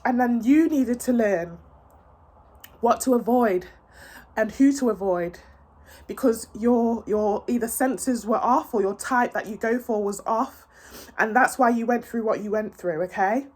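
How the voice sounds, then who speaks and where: A woman's voice: fairly high pitch, measured pace, a little mellow. A woman giving a casual tarot reading to her viewers, earnest and reassuring, with many fillers and repeated words. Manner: emotional, tearful, earnest and reassuring. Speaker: tarot reader.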